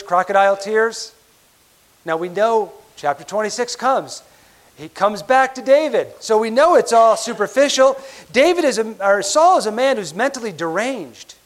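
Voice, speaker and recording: A man preaching a sermon, emphatic, slowing down on key words and asking rhetorical questions. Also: extremely high pitch. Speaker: pastor.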